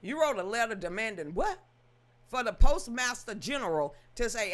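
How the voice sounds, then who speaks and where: A woman's voice: a little high, sing-song, normal speed, fairly bright tone. A woman hosting casual political commentary, sassy and exasperated, mocking the people she talks about.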